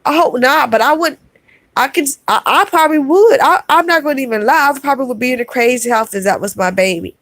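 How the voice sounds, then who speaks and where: A woman's voice: sits high, quick pace, a bit bright, no echo. A middle-aged woman vlogger talking heartfelt to her live chat, calling her viewers y'all and repeating herself for emphasis. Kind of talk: emotional livestream chat.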